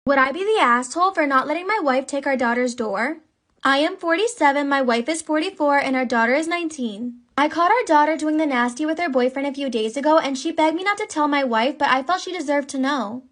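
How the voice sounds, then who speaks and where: A high-pitched woman's text-to-speech voice narrates first-person forum stories. The tone is bright and crisp, with an even, steady delivery. It sounds like a synthetic storytime narrator.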